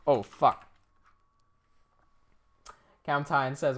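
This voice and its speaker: A young man chats casually on a livestream and reads comments aloud. He laughs often and swears freely. His pitch sits at an ordinary middle for a man. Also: extremely slow, pauses often, a bit bright, smooth. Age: young adult. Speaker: livestreaming animator.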